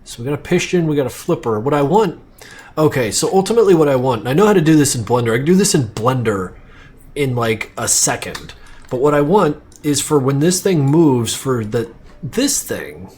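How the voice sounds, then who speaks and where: A man's voice: medium pitch, big pitch swings, a little fast, darkish tone, breathy edge. A young man chatting casually on a livestream while he works, rambling, swearing freely and poking fun at himself. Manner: rambling, profane, self-mocking. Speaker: streamer animating on stream.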